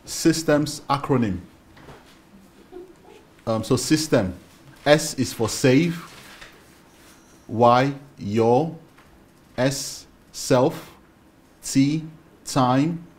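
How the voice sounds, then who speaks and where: Slow, measured man teaching. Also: medium pitch. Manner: slow, spells out an acronym.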